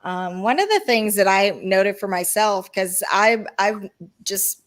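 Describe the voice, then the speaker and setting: A woman's voice: mid-range voice, expressive, unhurried. A woman moderating a panel discussion, speaking thoughtfully and earnestly with frequent fillers.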